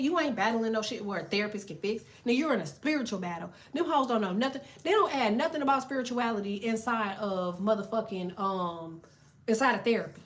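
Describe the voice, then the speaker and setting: A woman tarot reader chatting on a live stream, cursing freely, laughing often and talking back to viewers in the chat. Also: fairly high pitch. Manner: profane, animated, laughing, reads chat aloud.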